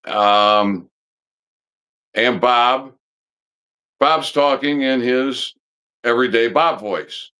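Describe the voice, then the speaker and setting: Slow, halting man with a smooth voice. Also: mid-range voice, bright, forceful tone. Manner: halting, full of pauses and restarts; blunt, occasionally swears. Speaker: live stream host. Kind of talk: rambling monologue.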